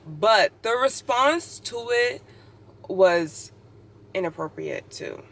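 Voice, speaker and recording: A woman's voice: medium pitch, animated, slow, gravelly, a bit bright. A young woman telling stories in a chatty, opinionated way in a casual vlog, with lots of "like". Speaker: vlogger.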